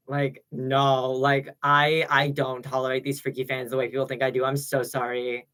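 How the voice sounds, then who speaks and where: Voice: mid-range voice, level tone, normal speed, hardly any pauses, a bit bright, smooth. A streamer with a male-sounding voice, ranting profanely on a live webcam stream, with lots of "like" fillers. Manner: profane, heated, full of "like" fillers. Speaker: livestreamer. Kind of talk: ranting livestream monologue. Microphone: webcam mic.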